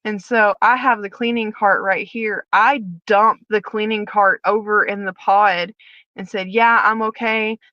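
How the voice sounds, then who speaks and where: A woman's voice: mid-range voice, unhurried, dry recording. Woman telling her story with a slightly dull sound. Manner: animated retelling, acting out dialogue. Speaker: guest, former prison officer. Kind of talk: candid personal storytelling.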